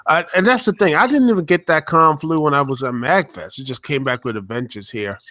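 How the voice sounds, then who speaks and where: Bright-voiced man rambling casually. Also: fairly high pitch, fairly quick, no echo. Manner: rambling, many fillers and restarts. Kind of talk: casual chat.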